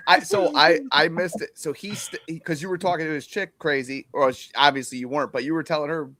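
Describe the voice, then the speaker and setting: A man's voice: a little high, steady tone, fairly quick, pushed and bright, no echo, clean studio sound. A man hosting a podcast in casual chat, joking and egging the others on. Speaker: podcast host.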